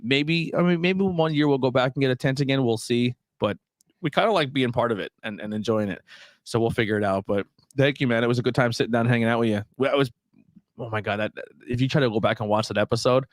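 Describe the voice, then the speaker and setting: A man's voice: mid-range voice, fast talker, dry recording, studio quality. A man hosting a casual podcast with friends. He tells stories with energy, swears freely and acts out the voices of the people he quotes. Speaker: podcast host.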